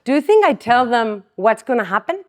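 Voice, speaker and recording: A woman speaking to a conference audience in a loose, conversational way. She keeps dropping in "like" and quick asides to the room. She often acts out both sides of her talks with patients. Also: fairly high pitch. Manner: lively storyteller who acts out dialogue with patients; chatty, fills speech with "like" and asides to the audience. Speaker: chiropractor giving a conference talk. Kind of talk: conference presentation. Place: conference hall stage.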